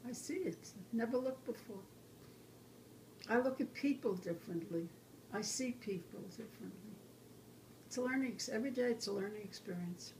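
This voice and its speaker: A woman in her nineties with a somewhat high, gravelly voice full of creak. She tells her grandson about life earnestly, getting loud and animated at some points and dropping to a quiet hush at others. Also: moderate pace, a little hiss or hum, rough recording. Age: 90s. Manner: animated, acts out remembered quarrels in a raised voice. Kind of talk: reflective personal storytelling.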